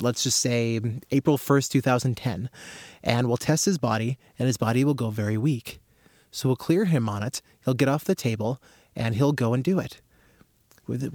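A man explaining his therapy method in a casual talk, acting out little scenes with growing excitement. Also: mid-range voice, no echo, clean studio sound. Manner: animated storyteller, acts out scenes with rising excitement.

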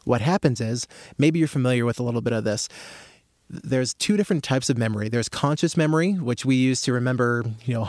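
Animated man telling a story, dry sound. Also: medium pitch, no room sound. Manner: animated storyteller, acts out scenes with rising excitement. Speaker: practitioner explaining his therapy method. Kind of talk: casual explanatory talk.

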